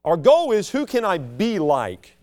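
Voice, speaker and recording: A man preaching a sermon with passion, swinging between loud declarations and hushed asides. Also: wildly swooping pitch, a little slow. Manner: mocks proud churchgoers in a sneering low voice.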